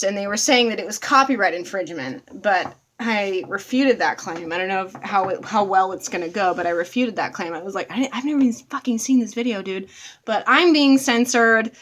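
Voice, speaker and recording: A woman's voice: mid-range voice, expressive, moderate pace, few pauses, fairly bright tone. Blunt swearing woman vlogger. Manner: blunt, swears freely, addresses viewers as y'all. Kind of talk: casual talk to camera.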